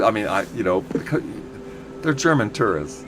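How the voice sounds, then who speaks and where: Low-voiced american guy rambling along while he plays, lots of restarts, faint hum behind him. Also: sing-song, normal speed. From United States. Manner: rambling, chatty, many restarts. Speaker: game streamer. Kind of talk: casual rambling commentary while playing.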